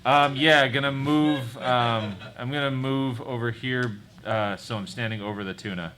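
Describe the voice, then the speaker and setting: A man's voice: mid-range voice, a little slow. A man playing a tabletop game live on stage, bantering crudely and joking. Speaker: player. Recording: noisy live recording.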